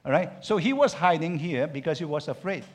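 A male pastor preaching a sermon, swinging from loud urging to quiet asides and acting out biblical speech. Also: on the high side, brisk. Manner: animated preaching with big swings in loudness, urging the congregation to repeat lines; acts out biblical characters' speech in quotes.

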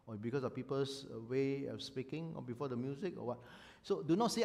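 A man preaching a sermon as a pastor, animated and emphatic, often acting out voices. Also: medium pitch, brisk, few pauses.

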